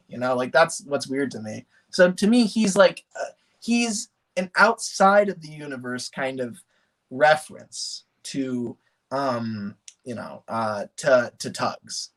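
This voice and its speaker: A man chatting casually on a livestream, rambling and animated, with many fillers and restarts. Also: medium pitch. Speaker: streamer.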